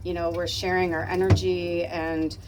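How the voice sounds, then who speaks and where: Woman, 50s, home vlogger; low-leaning voice, loose rambling chat, faint room noise. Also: flat delivery, moderate pace. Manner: chatty, rambling, swears casually, many fillers. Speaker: spiritual medium and channel host. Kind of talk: casual chat to camera.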